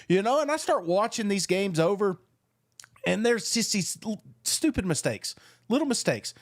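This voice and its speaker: A man co-hosting a podcast in casual sports chat, talking with animated, boastful banter and some swearing. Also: sits high, normal speed, no room sound, clean studio sound. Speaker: podcast co-host.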